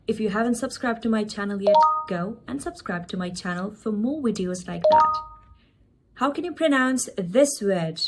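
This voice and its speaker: A woman's voice: medium pitch, expressive, background noise. A woman teaching English pronunciation, modelling words one at a time and asking the listener to repeat after her. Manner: repetitive drill, modelling words slowly. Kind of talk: pronunciation lesson.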